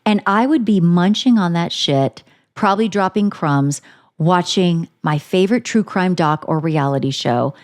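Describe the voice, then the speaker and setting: A woman co-hosting a podcast, chatting casually in a crude, joking, animated way. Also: on the low side, unhurried. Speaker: podcast co-host. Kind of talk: casual chat.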